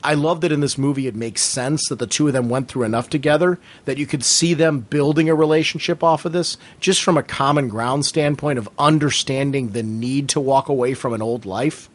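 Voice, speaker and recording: A man's voice: mid-range voice, fairly quick, few pauses. Earnest man co-hosting a fan podcast. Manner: earnest, emphatic, speaks at length. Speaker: podcast co-host. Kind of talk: casual fan podcast discussion.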